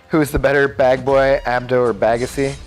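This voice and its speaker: A man in his thirties, a live streamer chatting casually and rambling as he answers viewer messages. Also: medium pitch.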